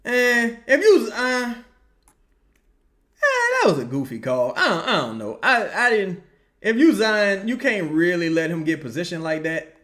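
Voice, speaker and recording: Animated, profane young man reacting live. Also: sits high, normal speed. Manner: profane, animated, yells at plays; answers viewer questions. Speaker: live game watch-along streamer. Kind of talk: casual live reaction commentary.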